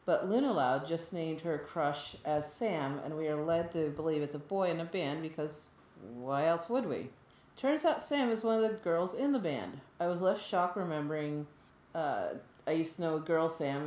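A woman with a notably low voice co-hosts a casual podcast at a moderate pace, reading listener emails aloud. She laughs a lot and grows animated when joking, and the room adds a noticeable echo.

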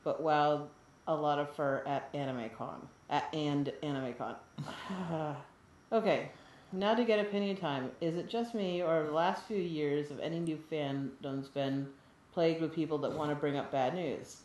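A woman co-hosting a casual podcast, laughing often and turning animated when she jokes while she reads out listener mail. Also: sits low, a little slow, a little hiss or hum. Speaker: podcast co-host reading listener email. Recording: roomy echo.

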